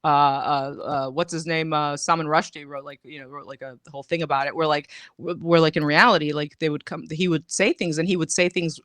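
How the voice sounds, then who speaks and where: A man's voice: on the high side, fairly even intonation, brisk, hardly any pauses, fairly bright tone, no room sound. A man hosting a live stream, rambling through casual comedic commentary with many fillers.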